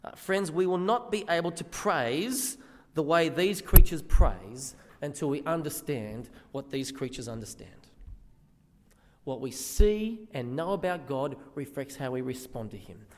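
Guy preaching in a big echoey hall, kinda high voice, earnest, keeps asking the crowd stuff. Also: expressive, measured pace. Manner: earnest, asks the listeners rhetorical questions. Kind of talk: sermon.

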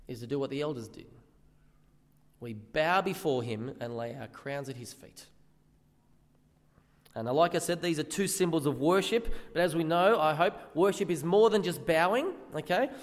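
A man's voice: on the high side, lively intonation, moderate pace, long pauses, big-room sound. A man preaching a sermon in earnest, often asking the listeners questions.

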